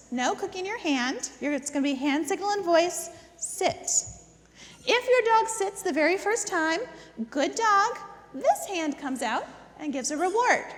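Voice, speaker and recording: A woman's voice: very high-pitched, long reverb tail. A woman teaching a dog training class. She gives step-by-step instructions, repeats words for emphasis and often checks in with "okay?". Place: indoor dog training facility.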